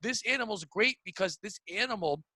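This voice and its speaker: A middle-aged man talks in a high, bright voice, recorded dry and close. He hosts a podcast and vents in a blunt, profane, rapid rush. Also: animated, no echo, low-quality recording. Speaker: podcast host. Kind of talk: casual chat. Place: home room.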